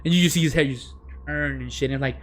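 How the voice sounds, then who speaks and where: A man's voice: mid-range voice, fast. A man hosting a podcast, telling a story in a rambling casual way, full of fillers and dropped-in Spanish words. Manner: drops in Spanish words and phrases. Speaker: podcast host.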